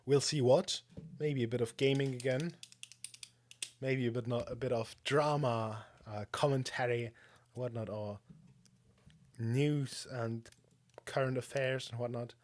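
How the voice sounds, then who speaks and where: A man talks to his livestream audience in a loose, rambling way. He trips over restarts and fillers. His voice sits at an ordinary middle pitch. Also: steady tone, unhurried, long pauses. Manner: rambling, self-deprecating, lots of fillers. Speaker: streamer. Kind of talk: casual solo stream chat.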